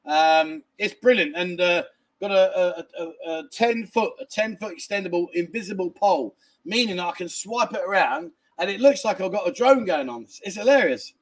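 This is casual live chat from a man speaking at a normal speed in a high-pitched voice. Streaming from inside a family home in a village, he reads viewer messages and rambles on, cursing casually and starting over a lot.

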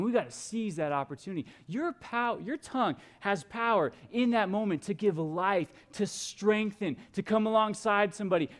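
A pastor preaching a sermon, reading scripture aloud and pressing his points with emphatic repeated exhortations. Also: high-pitched.

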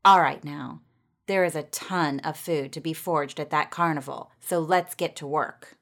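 A woman's voice: deep voice, fairly even intonation, moderate pace, fairly bright tone. A woman voicing a firm male mouse captain who leads a troop, in a storybook reading. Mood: commanding. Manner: firm, commanding.

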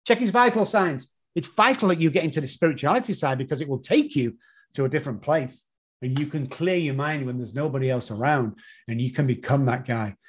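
Emphatic English man with a higher voice. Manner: emphatic, swears freely, repeats phrases. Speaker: motivational speaker. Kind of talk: motivational talk.

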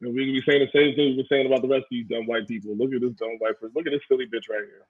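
A man's voice: medium pitch, steady tone, very fast, husky. Ranting man over a tinny line. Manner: blunt, profane ranting. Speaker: podcast co-host. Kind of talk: casual chat.

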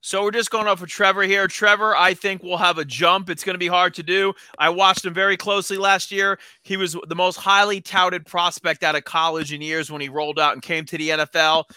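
A man with a high, very bright and cutting voice talks football on a podcast panel. He slips into loud mock-angry trash talk at his co-hosts. The sound is dry and close. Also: little pitch movement, brisk, few pauses, smooth, dry recording. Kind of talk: casual sports banter.

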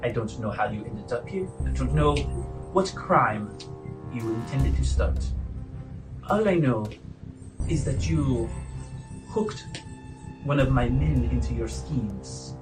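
A man voicing a stern, suspicious female dwarf prison warden, distant from the mic with loud music behind. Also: mid-range voice, expressive, slow, pauses often. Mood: menacing. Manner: suspicious, coolly menacing, falsely sweet.

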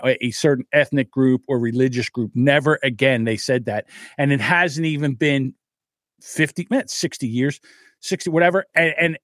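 A man's voice: mid-range voice, fairly bright tone, dry recording, studio quality. A man co-hosting a podcast, ranting heatedly and swearing often in casual chat. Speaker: podcast co-host.

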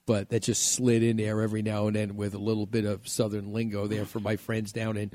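A man's voice: on the low side, completely flat delivery, a little fast, dark tone, no echo. A man from New York hosting a home-improvement radio show, chatty and rambling, laughing often. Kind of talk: casual chat.

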